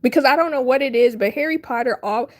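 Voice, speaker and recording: A young woman livestreaming, telling a funny story to her chat in a casual, animated way, laughing often and acting out her panic. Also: sits high, fast. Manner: animated, laughing, dramatic retelling.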